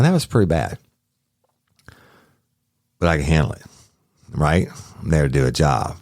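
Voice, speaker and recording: A man tells a true-crime story in a rambling, profane way. His voice sits extremely low. The recording is dry and close, with no room sound. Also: a little mellow, no room sound. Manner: rambling, profane, self-correcting. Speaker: podcast host, former police officer.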